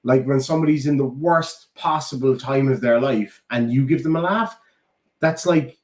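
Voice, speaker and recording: A man's voice: medium pitch, moderate pace, darkish tone. A man with an Irish accent telling heartfelt stories in casual chat, swearing freely. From Ireland. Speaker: podcast co-host. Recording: roomy echo.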